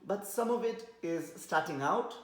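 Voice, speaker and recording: Man, podcast co-host, DJ, hesitant, slow, fillers, echoey room. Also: high voice, expressive. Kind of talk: casual podcast chat.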